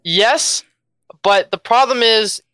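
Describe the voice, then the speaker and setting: Young guy, Philly accent, bright crisp voice, dry close sound, jet lagged. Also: high-pitched, slow pace, no echo. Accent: Philadelphia. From Philadelphia. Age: young adult. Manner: relaxed, repeats words while thinking. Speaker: esports player guest. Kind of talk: casual interview.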